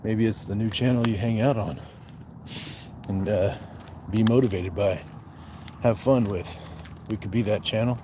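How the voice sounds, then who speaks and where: On his relaxed livestream, the host counts off push-ups, reads chat comments, and jokes with viewers he addresses by name. His voice is low-ish and steady at a measured pace with long pauses, and there's background noise.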